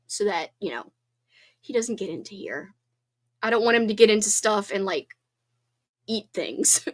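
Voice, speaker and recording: Woman live-stream host, casual chatter, higher voice, congested, bubbly and apologetic. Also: a bit bright. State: congested, sniffling. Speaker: livestream host.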